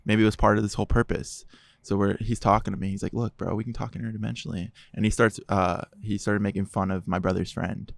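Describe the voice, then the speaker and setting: Man, low and gravelly, casual podcast guest acting out the dialogue as he tells his story. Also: fast, no room sound. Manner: animated storyteller, quotes others in dialogue.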